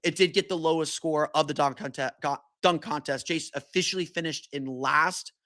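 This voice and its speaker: A man's voice: on the high side, normal speed, pushed and bright, no echo. A man hosting a solo sports podcast, talking casually with many restarts and fillers. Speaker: podcast host.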